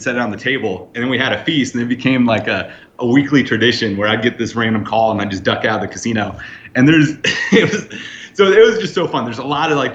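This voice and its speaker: A man in his thirties from the United States, a podcast guest telling lively anecdotes and acting out quoted lines. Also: medium pitch. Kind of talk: storytelling in a podcast interview. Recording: roomy, slightly dull sound.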